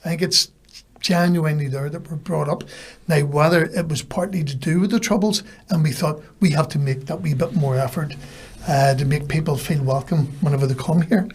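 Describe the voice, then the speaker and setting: A man from Belfast, Northern Ireland, with a Northern Irish accent, tells casual stories as a podcast guest, acting out the lines people said to him. His voice is on the high side and slightly rough, and he talks fairly quickly with few pauses.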